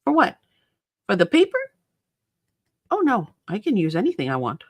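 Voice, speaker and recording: A woman talks her viewers through a craft project at home in a loose, chatty way. She rambles and leaves thoughts unfinished, with a voice pitched in the middle range. The sound is close and dry, with no room echo. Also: huge pitch swings, moderate pace. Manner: chatty, rambling storyteller who trails off mid-sentence. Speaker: crafting channel host. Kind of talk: casual crafting chat while working.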